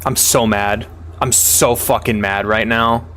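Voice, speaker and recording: Medium in pitch and a bit bright, this man's voice holds a steady tone at a measured pace, with slight background noise. Exasperated and profane, he rants at his viewers while streaming a game live, often stammering and restarting his sentences.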